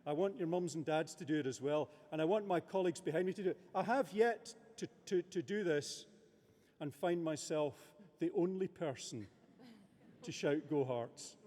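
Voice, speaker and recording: A middle-aged man gives a formal graduation-ceremony speech in a somewhat high voice, measured and hesitant, stumbling over filler words. The sound carries the long reverb of a large abbey hall. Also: darkish tone. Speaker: university official presiding at a graduation ceremony.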